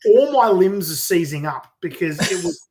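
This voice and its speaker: Man, casual podcast chat, animated storyteller, laughs often. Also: high voice, normal speed, background noise. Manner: lively anecdotes with frequent laughs. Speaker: wildlife demonstrator and drummer.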